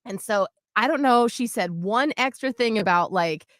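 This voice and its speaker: Expressive woman telling a story on a talk show. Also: on the high side, normal speed, no echo. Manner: vivid, self-reflective, acts out quotes. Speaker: podcast co-host.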